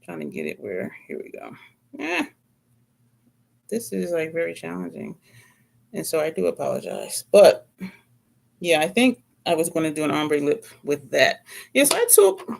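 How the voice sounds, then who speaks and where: A beauty vlogger talks through their makeup in a loose, chatty way, often stopping to correct a product name. The voice sits at a middle pitch, and playful asides and small laughs come up now and then. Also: huge pitch swings, a little slow, gravelly, long pauses. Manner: chatty, rambling product rundown with self-corrections. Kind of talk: casual makeup review chat.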